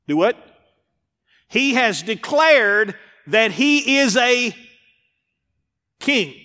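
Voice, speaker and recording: A man's voice: very high-pitched, sing-song, very slow, sharp tone. A male pastor preaching a sermon, driving points home with emphatic repetition. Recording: hall with long reverb.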